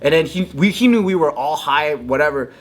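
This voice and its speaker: Animated man telling a story, swearing. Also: fairly quick. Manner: animated, swears a lot, acts out quotes in a higher voice. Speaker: podcast guest. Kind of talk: casual storytelling.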